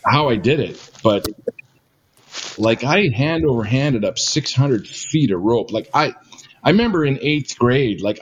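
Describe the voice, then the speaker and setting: A man's voice: medium pitch, slight background noise. An older retired man telling a story in a casual, rambling way, full of fillers and self-mocking asides. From Canada. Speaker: guest storyteller.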